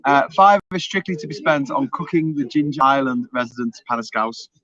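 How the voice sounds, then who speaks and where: A man's voice: medium pitch, a little fast. Chatty Scouse man on a lo-fi stream. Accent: Liverpool (Scouse). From Liverpool, England. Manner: chatty, reads viewer comments aloud, jokey and excitable. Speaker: livestream host. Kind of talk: casual live-stream chat.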